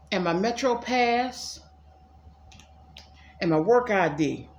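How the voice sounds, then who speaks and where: Chatty woman tarot reader, echoey room. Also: on the high side. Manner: chatty, addresses viewers as y'all, repeats herself. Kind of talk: casual livestream tarot reading. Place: at home.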